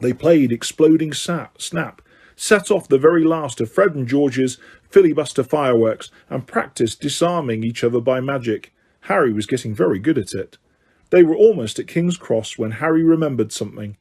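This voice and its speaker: A man narrating an audiobook in a steady reading voice. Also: medium pitch, moderate pace, slightly rough. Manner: steady reading, occasional self-corrections. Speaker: audiobook reader.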